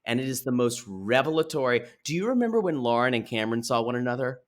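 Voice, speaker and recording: A man's voice: medium pitch, big pitch swings, fast. Chatty man retelling a reality show. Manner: chatty storyteller, acts out quotes, many fillers. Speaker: podcast co-host. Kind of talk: casual chat recapping a reality show.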